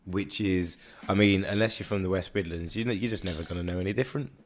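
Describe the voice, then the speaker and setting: Deep-voiced Brummie man rambling. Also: fast talker. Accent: Birmingham. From Birmingham, England. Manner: rambling, stumbles and restarts often. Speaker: podcast co-host. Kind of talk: casual chat.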